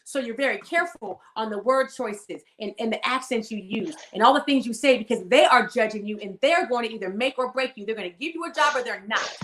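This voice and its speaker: A woman's voice: on the high side, fairly quick, few pauses. Emphatic woman with a Californian accent. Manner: animated, emphatic, laughs often. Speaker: guest. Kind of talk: casual conversation. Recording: echoey room.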